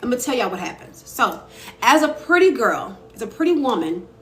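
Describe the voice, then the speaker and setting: This young woman, an author who hosts live streams, has a slightly high, fairly bright voice with big pitch swings and a fairly quick pace. She chats casually, replying to viewers' comments as they come in, recorded via phone in an echoey room with faint ambient noise.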